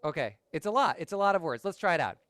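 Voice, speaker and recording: A woman's voice: on the low side, animated, fast, fairly bright tone, no echo. A woman leading children through songs in an upbeat, encouraging call-and-response style at a family holiday service.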